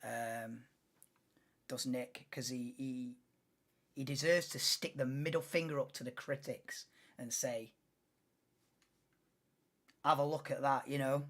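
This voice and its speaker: A man's voice: mid-range voice, fairly even intonation, takes it slowly, pauses often, fairly bright tone. A man hosting a live race watchalong, talking casually and rambling with many fillers and restarts. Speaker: livestream host.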